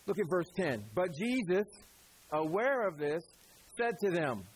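A man preaching a conversational sermon, asking the congregation questions and acting out voices in quick asides. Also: sits high, big pitch swings, husky, low-quality recording. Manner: acts out voices in quotes. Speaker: pastor.

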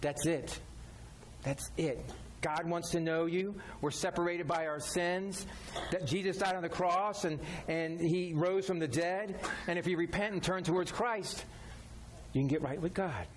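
A man's voice: sits high, fairly even intonation, a little slow, slight background noise. A man preaching a sermon as a pastor, talking directly and conversationally, repeating his key phrases.

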